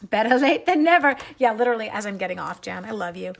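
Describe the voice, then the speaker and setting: A woman's voice: medium pitch, animated, quick pace, creaky. A woman from Canada hosting a live card-stamping stream, chatting as she works and thanking viewers by name. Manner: chatty, warmly addresses viewers as "my dears". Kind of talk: live craft demo chat.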